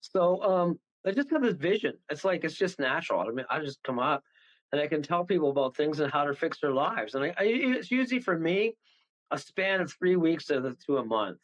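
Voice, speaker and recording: A man's voice: fairly high pitch, animated, fairly quick. A man, a medium guest on a radio show, chatting casually and rambling through stories with frequent chuckles. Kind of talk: casual radio interview chat. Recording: dull lo-fi call audio.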